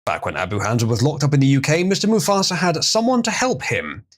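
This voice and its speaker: A man's voice: fairly high pitch, very animated, fast talker. A man hosting a livestream, reading an article aloud and breaking in with sarcastic, crude remarks. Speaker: livestream host.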